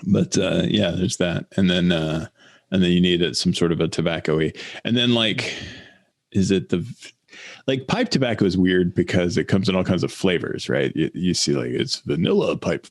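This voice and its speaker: A man co-hosting a podcast in casual chat, rambling and halting, laughing often. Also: low voice. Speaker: podcast co-host.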